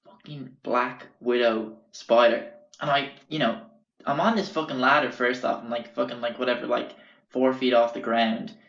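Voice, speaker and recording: A man's voice: medium pitch, fairly even intonation, normal speed, creaky, a bit bright. A young man hosting a podcast, telling a casual story in a rambling, profane way full of fillers. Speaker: podcast host. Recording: roomy, slightly dull recording.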